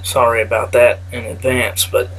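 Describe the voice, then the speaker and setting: A man from Kentucky with a Kentucky accent and a scratchy voice, talking to the camera in a casual vlog with halting pauses and many fillers. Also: mid-range voice, level tone, fairly bright tone. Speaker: vlogger. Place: small room with a door, indoors.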